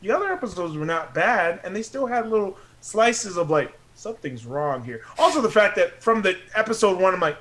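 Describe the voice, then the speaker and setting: High, lively-voiced man joking around. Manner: jokey, laughs often, slips into silly voices. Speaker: podcast co-host. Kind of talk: casual chat.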